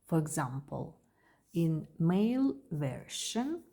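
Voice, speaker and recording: A woman with a Russian accent teaching a beginner language lesson, repeating each word slowly and carefully. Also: sits low, big pitch swings, mellow.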